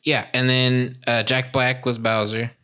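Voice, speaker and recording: A man co-hosting a podcast in casual chat, laid-back and quick to laugh. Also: medium pitch, flat delivery, sharp tone, smooth. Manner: laid-back, laughs often, puts on mock Italian accents. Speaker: podcast co-host.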